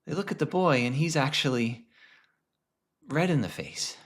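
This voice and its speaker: A man's voice: a little high, lively intonation, normal speed. Man telling a teaching story. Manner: conversational, many restarts, drops to a hush at times. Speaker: presenter. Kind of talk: storytelling lesson.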